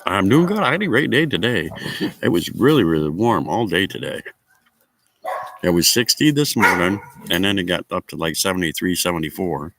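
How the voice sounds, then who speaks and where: A man with a very low but bright, forceful voice tells a rambling story to his livestream viewers, chuckling as he goes. He sits outdoors at a picnic table, with faint ambient noise and dogs around him. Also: very animated, moderate pace, low-quality recording. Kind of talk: casual storytelling chat. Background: faint outdoor ambience, dogs nearby.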